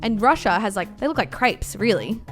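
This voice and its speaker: A woman's voice: mid-range voice, lively intonation, moderate pace, soft background music. An Australian woman giving a chatty, rambling reaction commentary as a vlogger, exaggerating freely.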